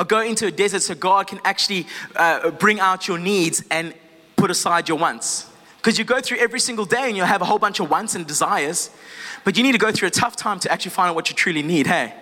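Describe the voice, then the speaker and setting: A man preaching with a high, very bright voice that rings through a long hall reverb. He moves from casual asides to the congregation into fervent, impassioned prayer declarations. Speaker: pastor. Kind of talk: sermon. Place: church service.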